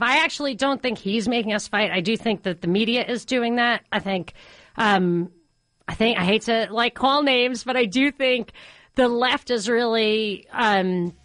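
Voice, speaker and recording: A woman's voice: on the high side, fairly bright tone, no room sound. Chatty, laughing woman radio host. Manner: chatty, laughs often, quick asides. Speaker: radio talk show host. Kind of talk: casual talk radio. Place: radio studio. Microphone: studio microphone.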